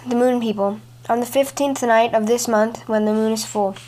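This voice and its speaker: A gentle young moon princess speaks softly through her tears in a storybook tale, voiced by a woman narrator. Her voice is fairly high. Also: fairly even intonation, normal speed, lightly acted. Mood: sorrowful. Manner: soft, tearful. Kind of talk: storybook reading.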